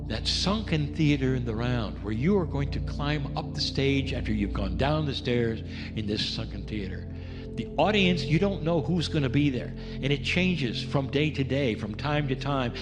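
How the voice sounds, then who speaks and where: A man talking a group through a slow guided meditation as a spiritual channeler, speaking straight to his listeners. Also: mid-range voice, big-room sound.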